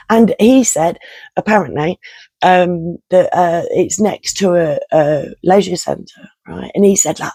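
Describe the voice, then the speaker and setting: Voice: medium pitch, measured pace, warm tone, breathy edge, no room sound. A vlogger, delivering an angry, swearing rant straight to camera. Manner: heated, swearing, blunt. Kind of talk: angry ranting monologue to camera.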